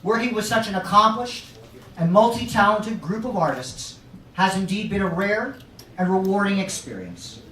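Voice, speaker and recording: At an art show held in a restaurant lounge, a founding member of the art group gives an earnest, formal welcome speech. His high, expressive voice moves at normal speed with a fairly bright tone. A distant camera captures roomy sound with slight background noise.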